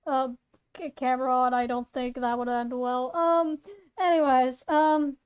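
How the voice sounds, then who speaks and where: Playful high-voiced woman reading aloud. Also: flat delivery, unhurried, smooth, muffled recording. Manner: playful, self-conscious, stumbling. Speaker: story reader and voice actor. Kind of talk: casual story reading with asides.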